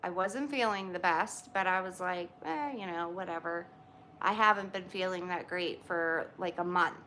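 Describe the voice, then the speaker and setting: A woman's voice: fairly low pitch, moderate pace, sharp tone, slight background noise. A woman, chatting casually with livestream viewers, greeting them by name and laughing often. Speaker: livestream host.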